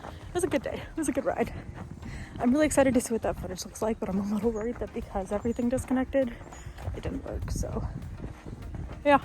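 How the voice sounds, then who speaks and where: A woman's voice: a little high, a little fast, long pauses, noisy background. Chatty self-mocking woman vlogger. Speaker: horse rider vlogger. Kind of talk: casual vlog narration.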